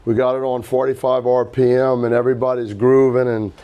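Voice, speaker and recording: A middle-aged man and record label founder telling an animated anecdote at an indoor hi-fi event, acting out quotes and swearing casually. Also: medium pitch, brisk, clear, resonant tone, muffled recording. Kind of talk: casual storytelling interview.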